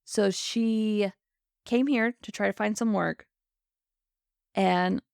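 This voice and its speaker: A woman co-hosting a podcast, chatty and animated, who keeps slipping into quoted lines as she recaps. Her voice has a gravelly fry at the bottom. She is recorded close and dry, with no room sound. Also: medium pitch, slow, dry recording. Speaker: podcast co-host. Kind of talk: casual chat recapping an episode.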